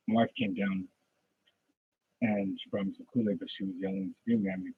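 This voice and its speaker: A husky, gravelly man delivers a fired-up, preachy rant for a practice podcast. He swings from loud outbursts to low, mumbled asides. The home recording sounds dull and lo-fi. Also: sing-song, brisk. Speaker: aspiring podcaster. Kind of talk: practice podcast monologue on faith.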